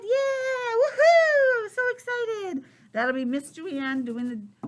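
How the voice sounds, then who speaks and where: A middle-aged woman teacher in a classroom, reading aloud to young children with lively, chatty asides. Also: medium pitch, a little hiss or hum. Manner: chatty, expressive, drifts into personal asides. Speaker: preschool teacher.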